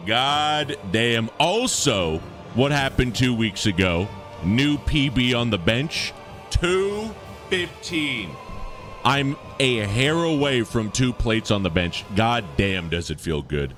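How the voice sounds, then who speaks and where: A man talking casually to his live-stream chat, his voice swinging widely between low asides and sudden shouted exclamations. He speaks at a middle pitch in a joking, animated way, with faint music playing behind him indoors. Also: slow pace.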